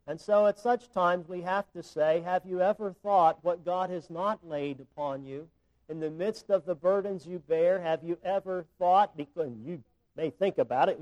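A man delivering a sermon in a slightly higher-than-usual voice. He builds his points through emphatic repetition. His delivery is earnest and teacherly. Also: darkish tone, poor audio. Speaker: preacher.

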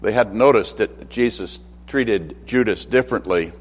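A man's voice: lowish voice, normal speed, big-room sound. A man preaching a sermon in a conversational way, with asides and acted-out quotes.

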